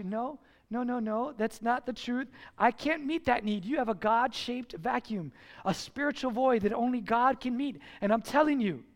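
A male pastor delivers a sermon in an unusually high voice. He preaches with energy, acts out little conversations and leans hard on the phrases he wants to land. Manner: animated preaching, slows and stresses key phrases, acts out dialogue. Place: church.

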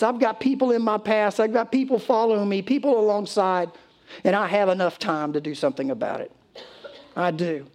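A man's voice: high voice, darkish tone. A male pastor preaching a sermon, exhorting his listeners and telling a story with quoted voices. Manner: urgent, exhorting.

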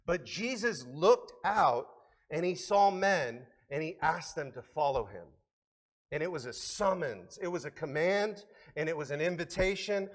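A man preaching a sermon as pastor, conversational and earnest, rising to emphatic peaks. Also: a little high.

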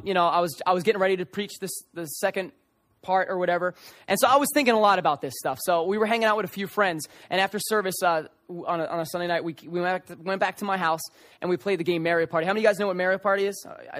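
A young man preaching a sermon to a gathered audience, earnest and animated, with many restarts as he tells stories. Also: high-pitched, racing. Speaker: youth pastor. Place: church service room before an audience.

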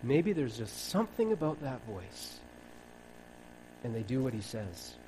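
A man's voice: mid-range voice, big pitch swings, unhurried, noisy background. A man preaching a sermon in a wry, conversational way, acting out bits of dialogue.

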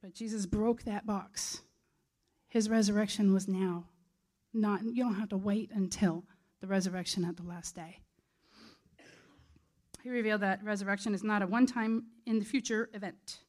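A woman's voice: mid-range voice, fairly even intonation, moderate pace, darkish tone. A woman preaching a sermon in an earnest, conversational way.

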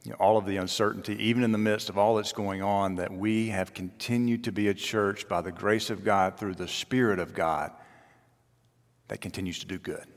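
A man preaching a sermon as pastor, telling stories and dropping to soft asides. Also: normal speed. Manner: storytelling, shifts between soft low asides and lively quoted voices. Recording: long hall reverb.

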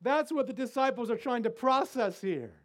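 A man preaching a sermon as pastor, with deliberate emphasis and rhetorical questions to the congregation. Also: extremely high pitch, lively intonation, a bit bright.

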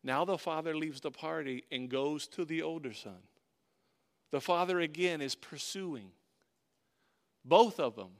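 Male pastor, fairly high voice, preaching a sermon with big swings between forceful emphasis and near-hushed lines, reading and unpacking scripture. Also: measured pace, long pauses. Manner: reads scripture aloud and comments on it.

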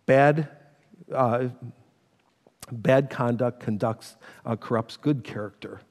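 A man's voice: mid-range voice, slow, a little mellow. A middle-aged man preaching a sermon in a church, conversational and emphatic, weaving in personal stories. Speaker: pastor. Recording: long hall reverb.

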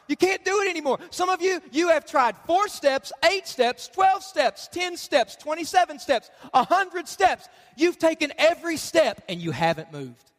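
High-voiced pastor preaching in a reverberant hall. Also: male voice. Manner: lively, conversational, acts out quoted voices. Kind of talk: sermon. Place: church.

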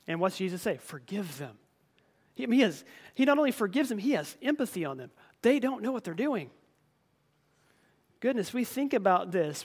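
A man preaching a sermon in a conversational way, asking the listeners questions and often repeating words. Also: sits high. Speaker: pastor.

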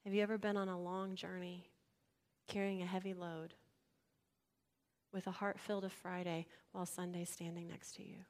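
A woman preaching a sermon in a conversational way, asking her listeners direct questions and swinging between loud emphasis and hushed, near-whispered lines. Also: lowish voice, flat delivery, moderate pace, long pauses.

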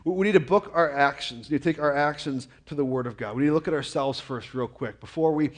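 A man preaching a conversational sermon as a pastor, often repeating and stumbling over words, with jokey, animated asides. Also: on the high side, fast talker. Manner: frequent stammered repetitions.

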